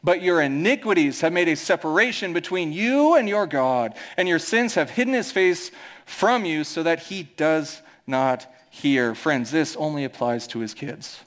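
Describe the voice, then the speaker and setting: A man's voice: fairly high pitch, expressive, moderate pace, a bit bright. A male pastor with a Midwestern American accent, preaching a conversational sermon and acting out quoted voices.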